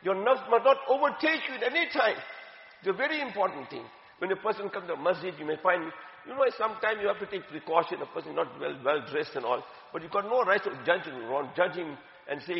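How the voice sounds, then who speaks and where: A woman's voice: lowish voice, expressive, fast, creaky. Woman religious teacher, earnest and repetitive, recorded in a big reverberant hall. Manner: earnest, repeats key phrases for emphasis. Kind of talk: religious talk. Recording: dull, echoey hall with long reverb.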